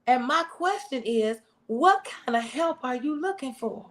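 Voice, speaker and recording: A woman's voice: high-pitched, expressive, unhurried, fairly bright tone. A woman pastor, preaching in a live-streamed sermon talk with call-and-response and repeated phrases. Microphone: wears hearing aids, speaking to camera.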